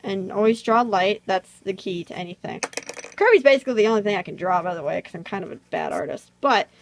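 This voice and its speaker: A woman talks her way through a drawing tutorial in a loose, meandering chat, full of fillers. Her voice sits at an ordinary middle pitch. It is recorded on a phone camera. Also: fairly quick, creaky, poor audio. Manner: rambling, chatty, many fillers.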